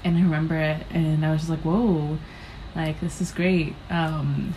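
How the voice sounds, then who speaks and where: A young woman from the United States speaks with a notably low voice over a faint hiss. She guests as a comedian, rambling through her stories with plenty of fillers. She acts out her own reactions as she goes. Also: fairly even intonation, normal speed, dark tone, rough recording. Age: young adult. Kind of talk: casual interview storytelling.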